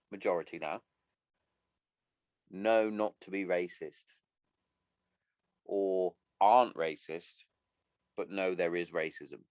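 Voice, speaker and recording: A man's voice: lowish voice, dry recording. A man hosting a solo podcast, ranting bluntly and swearing a lot. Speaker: podcast host.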